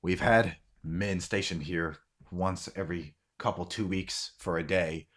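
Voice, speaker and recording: A man's voice: sits low, steady tone, unhurried, a bit bright. A man voicing a stern lord in his late twenties who asks blunt, commanding questions. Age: late 20s. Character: stern young lord at a castle gate.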